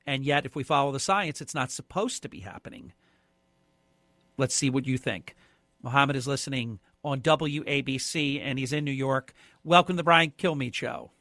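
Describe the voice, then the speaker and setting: A man's voice: mid-range voice, moderate pace, bright, forceful tone, dry recording. A man filling in as a radio talk show host, giving emphatic, opinionated commentary and speaking straight to callers.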